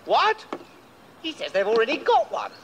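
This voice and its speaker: Brief: a formal, commanding king, high and lively, bright, faint hiss from an old film. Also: moderate pace, exaggerated voice. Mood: earnest. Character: stately, earnest legendary male king.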